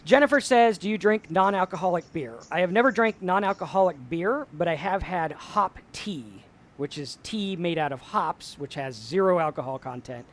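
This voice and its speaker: Male host, slightly higher voice, reflective storyteller, casual talk. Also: expressive, moderate pace, fairly bright tone. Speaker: show host.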